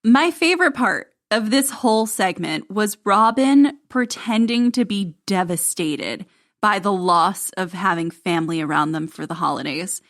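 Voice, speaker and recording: A woman's voice: mid-range voice, animated, a little slow, fairly bright tone. A woman co-hosting a podcast, recapping a reality show in casual, snarky banter. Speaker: podcast co-host.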